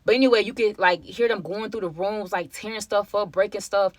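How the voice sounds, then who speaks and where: A woman's voice: mid-range voice, fairly even intonation, a little fast, no room sound. A young woman telling a personal story to her viewers in a casual, chatty way, often calling them y'all. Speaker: storytime vlogger.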